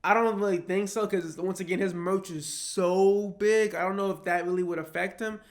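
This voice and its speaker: A man's voice: sits high, moderate pace. Slangy young man reacting to online drama. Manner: animated and joking, with slang and swearing. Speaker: YouTube commentator. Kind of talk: casual reaction commentary.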